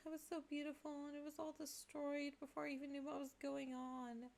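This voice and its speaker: A woman's voice: sits high, flat delivery, normal speed, gravelly, a little mellow. A woman voicing a weepy, grieving young girl sprite who is half dog and wails boo-hoo. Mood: weepy, distraught. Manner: sobbing, wailing boo-hoos.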